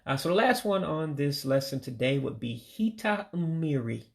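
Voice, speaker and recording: Male from the US, gravelly voice, runs a casual vocab lesson, slow patient repetition of each word. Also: a little high, expressive. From United States. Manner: religious sign-offs. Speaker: language learner teaching vocabulary.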